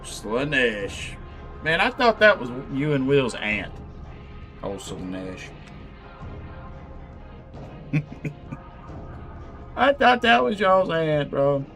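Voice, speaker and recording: A man's voice: on the high side, wildly swooping pitch, extremely slow, creaky, pauses often, fairly bright tone, faint music behind. A man casually chatting while he assembles miniatures. He is laid-back and profane and laughs often. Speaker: channel host.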